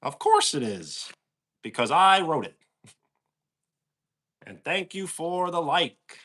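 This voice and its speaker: New york guy on a stream, slow easy talk, pitch bouncing all over, just answering chat. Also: very animated, fairly bright tone. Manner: easygoing, answers chat questions aloud. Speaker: livestream host. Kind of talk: casual chat reading out viewer comments.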